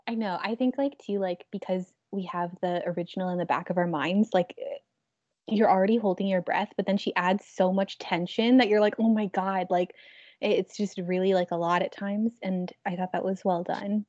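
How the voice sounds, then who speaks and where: A woman's voice: mid-range voice, fairly even intonation, moderate pace, a little mellow, no room sound. Young woman, casual book chat, filler-heavy; dry, dull-sounding recording. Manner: chatty, heavy use of filler "like". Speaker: book club member.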